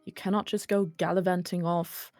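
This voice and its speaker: A woman voicing a stern, quiet noble mother who speaks in a commanding way. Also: on the low side, level tone, moderate pace, no echo, lightly acted.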